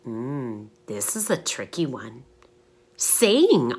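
Brief: a low-voiced teacher telling stories to little kids, slow, animated delivery. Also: female voice, husky. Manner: asks the children questions and pauses for answers. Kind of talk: storytelling lesson for young children.

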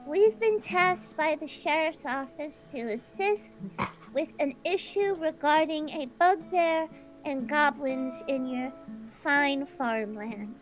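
A woman's voice: sits high, slow pace, soft background music. A woman voicing a courteous adventurer who speaks formally. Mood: polite. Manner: formal and polite.

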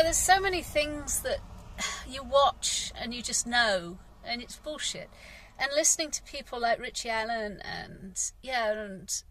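A woman's voice: fairly high pitch, a bit bright, a little hiss or hum. A middle-aged English woman and gardener, talking in a frank, rambling personal vlog with sighs and the odd swear word. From England. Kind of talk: casual personal vlog monologue.

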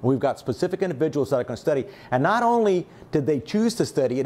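A middle-aged man leads a test-prep lesson, and his voice climbs and dips a great deal as he stresses key words. He talks in a lively, rhetorical way and keeps asking "right?" and "okay?" to check in with the class. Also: fairly high pitch, fairly quick. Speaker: high school math teacher.

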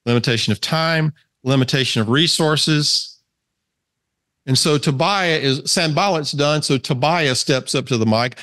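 A Southern American man gives a casual sermon to a men's group, reading scripture aloud and asking his listeners questions in a conversational way. His voice runs high, a little slow, and slightly bright.

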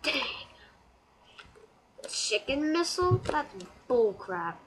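A woman's voice: high voice, sing-song, takes it slowly, a little hiss or hum, poor audio. A woman giving casual let's-play commentary, chatty and bursting into frustrated shrieks. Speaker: gameplay commentator. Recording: loud keyboard clatter. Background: keyboard typing clicks.

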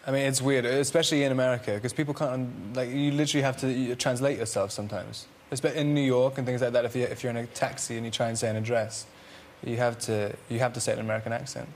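A man's voice: mid-range voice, steady tone, fast talker, hardly any pauses, slight background noise. A man chatting as a talk show guest in a laid-back, slightly bemused way. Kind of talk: casual talk show chat. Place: TV studio.

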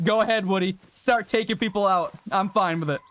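A man streaming a hunting game, chatting casually and excitably with viewers and swearing now and then. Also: high voice, fairly quick, no echo. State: briefly out of breath. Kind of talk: casual live-stream commentary.

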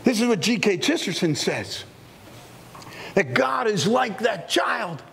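A man's voice: sits high, very animated, slow, vocal fry, fairly bright tone, slightly rough, big-room sound. A man who is a pastor preaching a sermon in a church sanctuary, telling stories and acting out little scenes as he goes.

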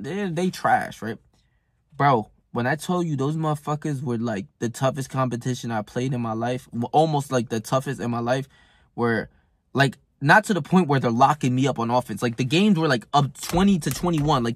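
A man's voice: medium pitch, dry recording. A man telling a rambling, profane story in casual chat, heated and full of fillers. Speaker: self-improvement vlogger.

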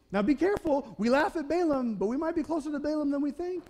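A man preaching a sermon in a church with a bright, high-pitched voice. His talk is casual and conversational, and he keeps checking in with the congregation. He reads scripture and then riffs loosely on it. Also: expressive, fast, hardly any pauses. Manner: conversational, checks in with "okay?" and "right?". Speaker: pastor.

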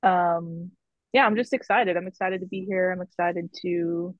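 Brief: excited, giggly actress, muffled lo-fi call audio, very dry. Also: female voice, on the low side, moderate pace, dry recording. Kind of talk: casual video call chat. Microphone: video call.

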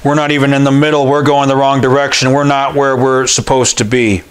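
A man's voice: medium pitch, flat delivery, brisk. An American man preaching a sermon, telling a story and acting out the voices in it, calling out questions for the congregation to answer. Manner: storytelling preacher who acts out quoted voices and rises to near-shouts. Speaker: pastor.

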